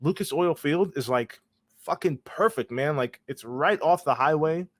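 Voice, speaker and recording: A man co-hosting a sports podcast, blunt and excitable, swearing freely. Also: on the high side, moderate pace, no room sound. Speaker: podcast co-host. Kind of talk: casual sports chat.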